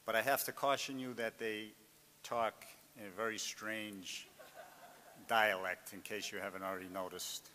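A man's voice: fairly low pitch, little pitch movement, normal speed, sharp tone, big-room sound, slight background noise. A man with a Boston accent, an author speaking earnestly and restarting his sentences often as he reflects on his life and addresses students. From Greater Boston.

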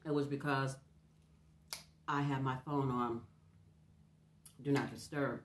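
Lady, low voice, chatty mukbang talk between bites, sniffly, echoey room. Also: steady tone, slow, a little hiss or hum. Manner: chatty, confiding, talks between bites with hums. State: runny nose. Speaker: mukbang host. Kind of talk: casual storytelling while eating. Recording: roomy echo.

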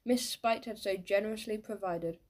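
A woman narrating a children's audiobook in a lively, playful storytelling manner. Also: medium pitch, moderate pace.

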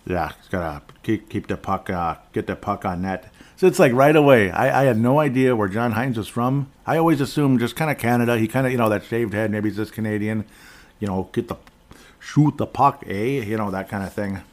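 A man's voice: fairly low pitch, a little fast. A middle-aged man hosting a casual solo sports podcast, rambling and digressive with chuckling asides. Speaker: podcast host.

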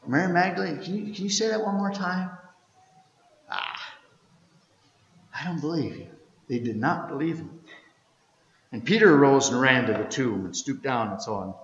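A man preaching an Easter sermon as pastor, telling the story and reading scripture aloud, swinging from loud to hushed. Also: medium pitch, big pitch swings, normal speed, long pauses, echoey room, big-room sound, highs cut off. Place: church sanctuary.

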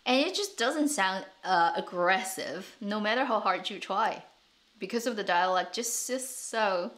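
A woman's voice: mid-range voice, a bit bright. A woman chats casually on a live stream in a mid-range voice. She laughs often and repeats words while she gathers her thoughts. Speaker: streamer and show host.

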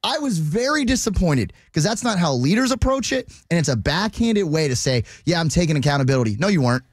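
A man's voice: sits high, sing-song, fairly quick, dry recording, studio quality. A male sports radio co-host giving blunt, exasperated and sarcastic commentary. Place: radio studio.

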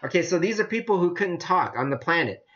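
A man preaching a casual sermon, animated and chatty, often laughing as he talks. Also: high voice, a little fast. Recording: dull lo-fi sound.

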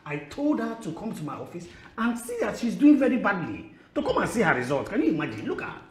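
A man's voice: high voice, big pitch swings, fast talker, a crowd in the background. An actor playing an abusive male tutor who talks in a coaxing, threatening way in a skit. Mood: ingratiating. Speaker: private tutor. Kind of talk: skit acting. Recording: music bed under voice.

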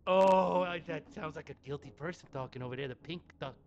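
A man's voice: a little high, brisk, a little mellow, muffled recording. A man with an Italian accent streaming a game, teasing other players with mock threats and frequent laughter. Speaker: gaming streamer. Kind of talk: casual gameplay banter.

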